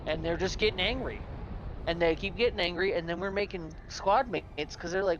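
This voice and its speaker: A man's voice: sits high, normal speed, a bit bright, highs cut off, a little hiss or hum. A man telling rambling, profane gaming stories in casual chat as a podcast co-host.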